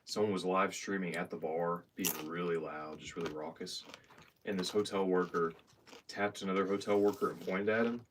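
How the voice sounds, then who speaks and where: A man casually telling a story to a streamer in an animated way. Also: low-pitched, moderate pace. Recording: distant off-mic voice with faint noise.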